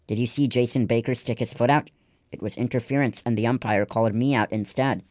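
A man's voice: mid-range voice, fairly even intonation, brisk, a little mellow, no room sound, studio quality, close to an everyday voice. A man reading the lines of a spirited, stubborn young girl ballplayer in a storybook. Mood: eager.

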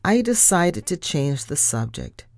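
Slow, low-voiced woman reading a story. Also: no room sound. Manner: animated reading, first-person narration.

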